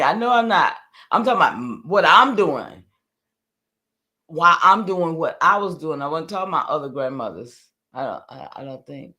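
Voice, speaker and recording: A woman's voice: deep voice, bright, forceful tone. An older woman, talking casually and emphatically to her livestream viewers, rambling and answering their comments. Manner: rambling, emphatic, talks back to chat comments. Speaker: livestream host.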